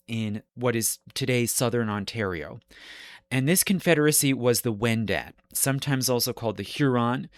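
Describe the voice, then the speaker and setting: Guy lecturing on history for his podcast, steady explaining tone, no room echo. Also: medium pitch, clean tone. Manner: measured, explanatory, with self-corrections. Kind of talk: lecture-style narration.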